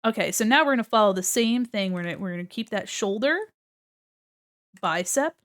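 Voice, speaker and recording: A woman's voice: medium pitch, animated, brisk, fairly bright tone. A woman live-streaming art critiques in a casual, chatty way. She swears casually and reads chat aloud as she draws.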